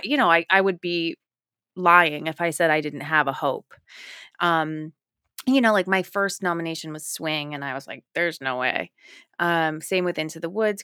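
Middle-aged woman guest, low voice, dry close sound, lively storyteller who acts out quotes. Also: no room sound. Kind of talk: casual interview chat.

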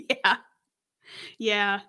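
A woman's voice: medium pitch, fairly even intonation, extremely slow, bright, forceful tone, smooth. A woman co-hosting a podcast, telling police stories in a giggly, self-deprecating way. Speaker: podcast co-host, police officer. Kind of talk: casual story chat.

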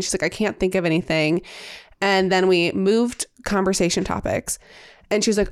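A woman's voice: medium pitch, steady tone, brisk, clean tone. A young woman co-hosting a casual podcast chat, giggling often and trailing off into fillers. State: pregnant. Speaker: podcast co-host.

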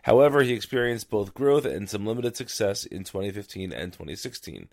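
A man with a lowish voice co-hosts a casual sports podcast. He talks in a wry, sleepy way and reads out listener email. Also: lively intonation, fairly quick. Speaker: podcast co-host.

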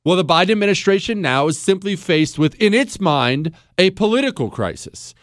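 Lively, mocking talk radio host. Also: male voice, sits high, normal speed, no echo, clean studio sound. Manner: mocking, sarcastic, theatrical voice swings. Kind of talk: opinionated talk radio monologue.

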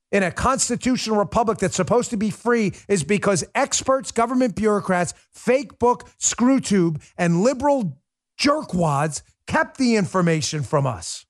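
A man's voice: high-pitched, dry recording, clean studio sound. A man hosting a political talk show, speaking to his listeners in a fervent monologue full of rhetorical questions. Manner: addresses listeners as folks.

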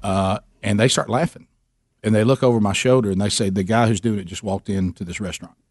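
A man's voice: fairly low pitch, steady tone, fast talker, a little mellow, dry recording, studio quality. A middle-aged man, telling a story in a casual interview, self-deprecating and often repeating himself. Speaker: guest talking about his men's ministry.

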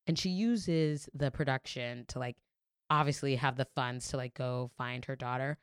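Animated young woman telling a story. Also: a bass voice, moderate pace, clean tone, no echo, clean studio sound. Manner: animated storyteller, lots of "like" fillers, swears freely. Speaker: podcast guest. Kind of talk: casual podcast chat.

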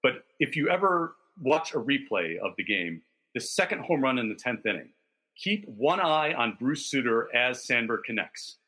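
Bright husky man talking baseball. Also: medium pitch, sing-song, normal speed. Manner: detailed, enthusiastic storytelling with stats. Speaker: podcast co-host. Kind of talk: casual sports chat.

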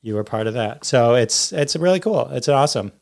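A man's voice: medium pitch, expressive, a little fast, vocal fry, a little mellow. Guy hosting a chatty interview, super enthusiastic, voice bouncing all over, laughs a lot. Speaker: podcast host. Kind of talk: casual interview chat.

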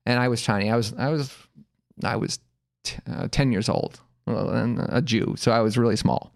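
A man casually telling a childhood anecdote, animated and quick to laugh, jumping into the voices of the people he quotes. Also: mid-range voice, creaky. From Los Angeles area. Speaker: podcast guest telling a story. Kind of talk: casual storytelling.

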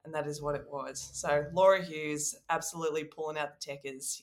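A woman co-hosting a sports podcast, telling stories in an animated, excitable way. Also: sits low, brisk. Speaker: podcast co-host. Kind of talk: casual sports podcast chat.

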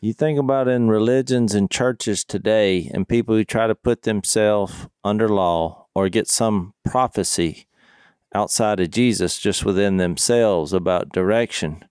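A man's voice: on the low side, a little slow, darkish tone, smooth, dry recording. A man talks earnestly about scripture and reads verses aloud in a dry, close recording with no room sound. His delivery is casual but focused. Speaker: co-host of a Bible discussion podcast. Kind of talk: casual Bible study chat, reading verses.

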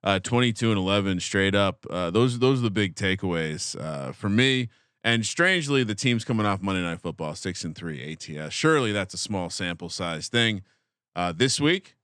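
A man's voice: mid-range voice, a bit bright, clear, resonant tone, dry recording. A man co-hosting a podcast in a studio, talking casually about betting picks in a rambling way, with swearing and dry jokes. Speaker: podcast co-host. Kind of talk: casual sports betting chat.

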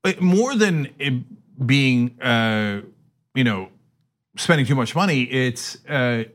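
A man's voice: medium pitch, animated, slow pace, a bit bright. A man co-hosting a podcast in casual chat, wry and self-mocking, tossing out jokes. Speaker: podcast co-host.

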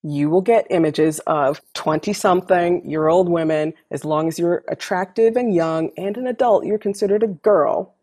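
Woman, deep voice, husky, emphatic, casual conversation. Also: moderate pace, hardly any pauses, mellow. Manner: emphatic, repeats key phrases.

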